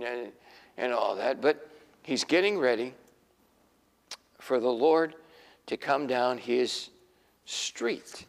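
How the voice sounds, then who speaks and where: A man's voice: mid-range voice, takes it slowly, vocal fry, long pauses, in a large hall. A man preaching a sermon in a folksy storytelling way, acting out the voices of the people in his stories.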